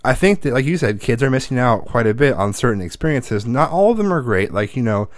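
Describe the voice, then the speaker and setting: Fast-talking man telling a loose, profane story. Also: medium pitch, very animated, no echo, studio quality. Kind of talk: casual storytelling chat.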